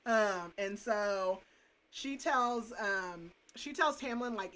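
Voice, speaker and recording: A woman's voice: mid-range voice, slow. Chatty young woman recapping a book. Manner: animated, full of "like" and "um". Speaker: podcast co-host. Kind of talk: casual book recap chat.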